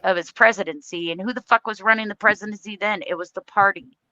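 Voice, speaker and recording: American woman streamer going off, swearing a lot, bright sharp voice, kinda dull audio. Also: mid-range voice, steady tone, fast. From United States. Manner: blunt, profane, emphatic. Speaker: livestream host. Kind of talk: heated political rant.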